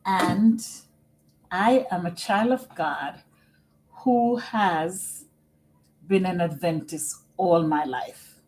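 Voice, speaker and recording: Slow, earnest woman live-streaming from home. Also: fairly low pitch, a little mellow, slight background noise, low-quality recording. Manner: slow and earnest, repeats phrases. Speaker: vlogger and family caregiver. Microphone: computer microphone.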